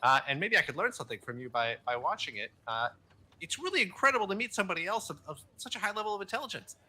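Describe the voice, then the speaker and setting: A man's voice: high voice, animated, racing, pushed and bright. A man playing a tabletop game, speaking in character in a rambling, hesitant way full of ums and restarts. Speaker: player. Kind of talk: in-character tabletop role-play.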